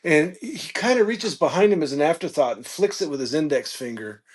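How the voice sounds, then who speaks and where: A man guest on a podcast, telling a casual story with animated peaks and frequent fillers. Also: fairly high pitch, fairly quick, husky. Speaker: podcast guest, reptile keeper.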